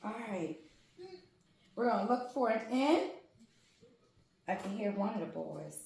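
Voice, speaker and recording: A woman's voice: mid-range voice, lively intonation, a little slow, creaky, darkish tone. A woman, vlogging at home as she unpacks yarn and gushes over each skein. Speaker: crafting vlogger. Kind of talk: casual unboxing vlog. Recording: very echoey room.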